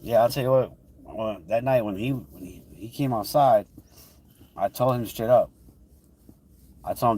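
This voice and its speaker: A man's voice: medium pitch, a little slow, long pauses, mellow, slightly rough, far from the mic. A man telling a heated personal story on a livestream, swearing freely as he goes. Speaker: livestream host.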